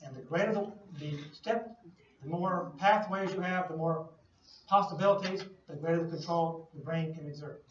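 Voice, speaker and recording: A man's voice: on the high side, normal speed, a little hiss or hum. A man giving a classroom lecture, explaining with playful everyday analogies and questions to the class. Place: lecture hall. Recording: distant, echoey lo-fi classroom recording.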